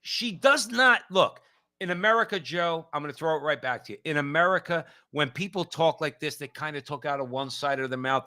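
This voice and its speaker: Fiery, bright-voiced male commentator. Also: a little high. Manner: fiery, preachy, repetitive. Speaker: co-host. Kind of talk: impassioned political commentary.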